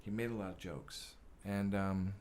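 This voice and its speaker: A man's voice: low voice, steady tone, measured pace, a little mellow, a little hiss or hum. A man who is a guest actor and director, telling stories in a casual interview with profane, rambling speech full of fillers.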